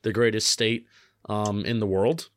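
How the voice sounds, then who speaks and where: A young man from New Jersey co-hosting a casual sports podcast, upbeat and excitable. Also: on the low side, no echo. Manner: upbeat, excitable, hurried asides. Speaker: podcast co-host.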